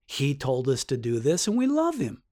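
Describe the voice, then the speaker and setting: With a dark tone and wildly swooping pitch, this man teaches a Bible lesson at a moderate pace. He explains earnestly, asks rhetorical questions, and his voice climbs steeply to emphasize key points.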